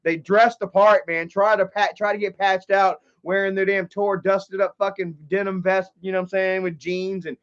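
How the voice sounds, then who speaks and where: A man hosting a casual livestream, reading chat and commenting in an excitable, profane way that swings from loud outbursts to low muttering. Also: moderate pace, hardly any pauses. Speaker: livestream host. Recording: dull lo-fi stream audio.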